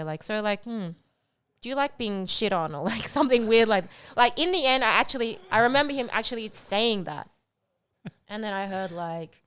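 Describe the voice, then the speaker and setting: A woman's voice: fairly high pitch, lively intonation, moderate pace, fairly bright tone, smooth, dry recording. A woman guest on a podcast, chatting casually and filling her talk with "like". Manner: chatty, heavy use of "like". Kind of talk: casual chat.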